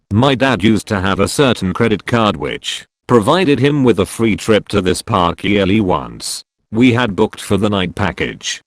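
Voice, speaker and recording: A man reading online stories aloud as a scripted narration, in an expressive storytelling manner. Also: on the low side, no room sound.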